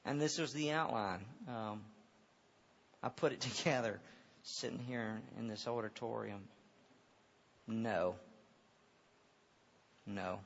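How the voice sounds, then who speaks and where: A middle-aged male pastor preaching a sermon in a church auditorium, moving from loud, impassioned preaching to hushed storytelling. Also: on the low side, slow, long pauses. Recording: dull reverberant hall sound.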